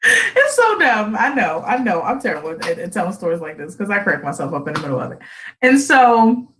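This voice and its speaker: A woman radio host telling a story in casual chat, animated and laughing often. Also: fast. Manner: animated, laughs often, jumps into high excited voices when quoting.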